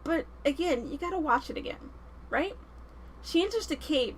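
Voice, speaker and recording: A woman vlogger giving casual, animated, slangy film commentary. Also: high voice, moderate pace, slight background noise, low-quality recording.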